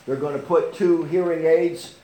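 A man in his sixties preaching a testimony sermon, halting with fillers and restarts, rising to fervent outbursts. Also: a little high, fairly even intonation, mellow, slight background noise. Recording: roomy echo.

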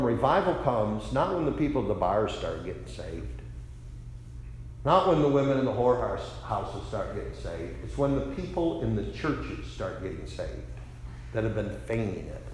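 A middle-aged male pastor preaching a revival sermon, telling a story with fervor, rising to loud declarations and dropping to hushed quotes. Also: lowish voice, lively intonation, moderate pace, slight background noise. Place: large church sanctuary. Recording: very echoey church hall reverb.

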